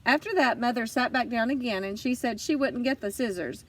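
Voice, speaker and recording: A woman narrating a children's audiobook in first person, lively and expressive. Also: fairly high pitch, fairly quick, far from the mic. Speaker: audiobook reader.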